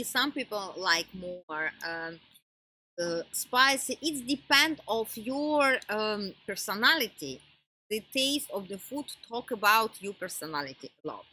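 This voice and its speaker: A woman giving an informal wellness lesson in non-native English phrasing, often pausing to search for words. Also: mid-range voice, pushed and bright, poor audio. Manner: halting, pauses to search for words. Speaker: wellness teacher. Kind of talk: informal teaching talk.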